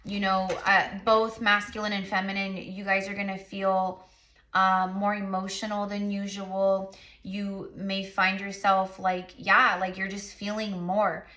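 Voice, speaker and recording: Woman tarot reader, chatty and rambling, bright edge, echoey room. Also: medium pitch, level tone, unhurried. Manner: rambling, many fillers, repeated affirmations. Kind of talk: casual spiritual reading to camera.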